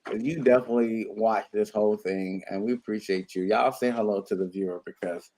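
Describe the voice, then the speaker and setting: A tipsy man hosting a casual chat, telling loud crude stories and laughing a lot. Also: on the low side, fairly even intonation, brisk. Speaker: talk show host.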